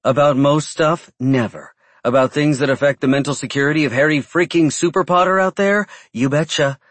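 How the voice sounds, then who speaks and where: A man's voice: on the high side, dry recording, voice pushed up, natural voice. A man doing a tiny sarcastic female vampire. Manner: brisk, sarcastic. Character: tiny sharp-tongued female vampire, dutiful.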